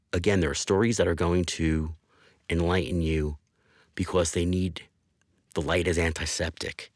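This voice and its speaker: Very deep-voiced man, earnest and emphatic. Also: no echo, studio quality. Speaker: TV news executive producer. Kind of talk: podcast interview.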